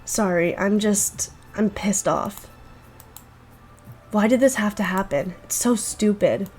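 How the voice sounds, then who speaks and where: A woman's voice: medium pitch, takes it slowly, a little mellow, faint music behind, natural voice. A woman reading aloud the lines of an angry, grieving teenage girl in a horror visual novel, in a bitter, blunt way.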